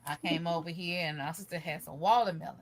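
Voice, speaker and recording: A woman's voice: fairly low pitch, quick pace, crowd noise. A woman co-hosting a casual gardening livestream, chatty and loose, greeting viewers with plenty of "y'all". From Michigan. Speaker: livestream co-host. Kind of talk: casual chat.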